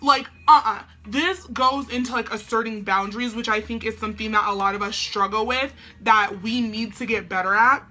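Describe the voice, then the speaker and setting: Bright-voiced chatty young woman vlogging. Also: fairly high pitch, steady tone, normal speed, hardly any pauses, faint music behind. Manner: chatty, slangy, peppered with "like". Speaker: beauty vlogger. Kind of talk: casual chat to camera.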